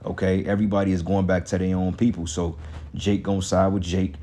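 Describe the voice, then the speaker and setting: A man's voice: low voice, flat delivery, a little fast, warm tone. A man preaching an angry, profane street sermon in African American Vernacular English, ranting and cursing between scripture readings. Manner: reads scripture aloud.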